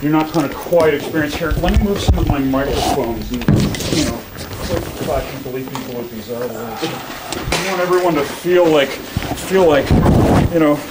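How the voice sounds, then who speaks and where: A man's voice: fairly high pitch, moderate pace, very noisy. A man doing a rambling, jokey live performance piece, laughing and leading the audience in chants. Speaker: performance artist. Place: small venue with live audience. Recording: live room with loud crowd.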